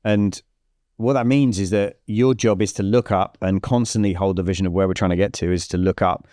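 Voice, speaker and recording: Lively man telling a story. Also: sits low, brisk, no room sound, studio quality. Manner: animated storyteller who acts out quoted dialogue, frequent restarts. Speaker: business coach, podcast guest. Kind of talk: conversational storytelling interview.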